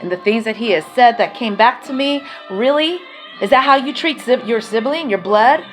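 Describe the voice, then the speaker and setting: A woman's voice: a little high, animated, moderate pace, a bit bright, faint music behind. A woman telling her own life story as a mother, emotional and rambling, speaking bluntly and swearing.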